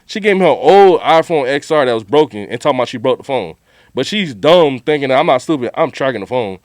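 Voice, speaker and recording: A man co-hosting a podcast, telling a story in animated, slangy casual talk and acting out quotes. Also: mid-range voice, quick pace, dry recording, studio quality. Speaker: podcast co-host.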